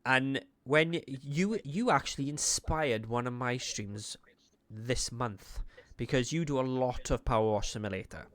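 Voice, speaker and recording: Welsh guy hosting a podcast, jokey rambling chat, mid pitch, dry sound. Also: unhurried, a bit bright, no echo. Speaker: podcast host. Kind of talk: casual chat.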